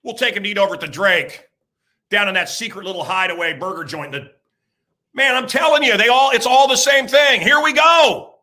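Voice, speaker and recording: A man in his sixties, a radio host, ranting loudly and emphatically, rambling and repeating himself, with crude jokes and bursts of shouting. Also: sits high, a little fast. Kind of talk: ranting talk-show monologue.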